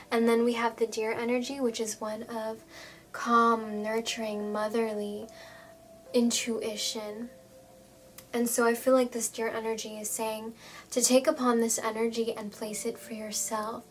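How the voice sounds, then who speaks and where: Lady doing a tarot reading, kinda high voice, gentle and reassuring, lots of ums. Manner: gentle, reassuring, with frequent fillers. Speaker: tarot reader.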